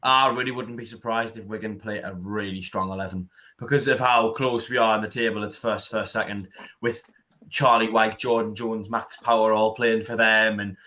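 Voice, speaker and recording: A man's voice: lowish voice, fairly even intonation, normal speed, pushed and bright. A young man on a fan chat panel, earnest and reasoning things through. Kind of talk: casual live fan chat.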